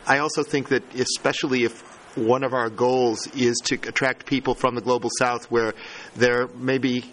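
A man speaking up at a working group meeting, talking fast and repeating words while he searches for phrasing. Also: medium pitch, level tone, fairly bright tone, a little hiss or hum. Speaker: meeting participant. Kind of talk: meeting discussion.

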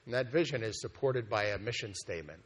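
Male executive at a conference, slightly low pitch, relaxed talk full of fillers and restarts. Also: fast, husky. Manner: conversational, with frequent fillers and restarts. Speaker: organization executive presenting a plan. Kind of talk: conference presentation. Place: meeting hall at a conference.

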